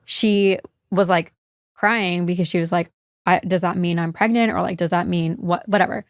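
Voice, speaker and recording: A woman's voice: fairly low pitch, fairly even intonation, normal speed, no room sound, clean studio sound. A woman guest on a podcast who chats casually, often saying "like" as she tells a story. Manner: chatty, peppered with "like". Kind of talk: casual chat.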